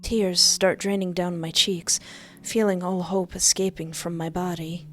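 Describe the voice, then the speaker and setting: A woman reading a visual novel aloud in first person, expressive, with exasperated asides. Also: on the low side, a little slow. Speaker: game player narrating.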